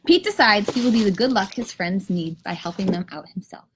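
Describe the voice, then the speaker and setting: A kindergarten teacher reading a picture book aloud to children on a live stream from home, with lively storytelling. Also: female voice, mid-range voice, brisk, noisy background. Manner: lively storytelling, rhymes read with bounce. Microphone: camera or phone on a live stream.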